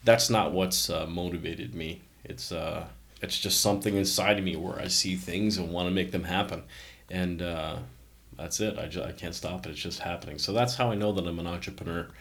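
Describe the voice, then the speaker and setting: A man's voice: low voice, fairly quick. A middle-aged man from Canada, a company founder, telling stories in a casual interview and acting out the voices of people he quotes. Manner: animated anecdotes, acts out quoted voices.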